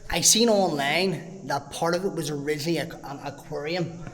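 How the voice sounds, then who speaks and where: A man's voice: fairly high pitch, normal speed, fairly bright tone, a little hiss or hum. A man giving casual, chatty travel-vlog commentary while walking outdoors through an abandoned water park. He swears freely and thinks aloud, breaking into exclamations. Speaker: travel vlogger.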